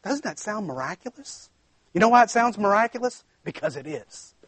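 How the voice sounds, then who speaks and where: A man preaching a sermon as pastor, emphatic, stretching key words slowly for weight. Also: high voice, big pitch swings, a bit bright, husky, dry recording.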